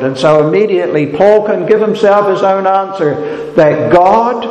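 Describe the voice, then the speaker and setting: A man's voice: sits high, moderate pace, darkish tone, a little hiss or hum. A man preaching a sermon in an earnest, reflective way. He lifts his voice sharply whenever he quotes a cry of despair. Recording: echoey hall with long reverb.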